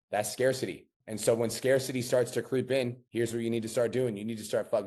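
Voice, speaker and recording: A man's voice: medium pitch, a little fast, hardly any pauses, darkish tone. A man coaching a client on a call, blunt and profane, giving a pep talk with rising intensity. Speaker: business coach.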